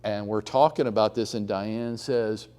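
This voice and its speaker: A man giving a blunt, animated real estate training talk to a live room, acting out quotes as he tells stories. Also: fairly low pitch, measured pace.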